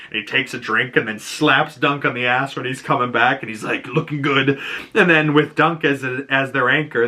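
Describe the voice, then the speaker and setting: A man's voice: mid-range voice, sharp tone. A man hosting a podcast, recapping a show in casual, chatty talk, swearing freely and acting out the lines. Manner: chatty, profane, acts out quotes. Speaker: podcast host.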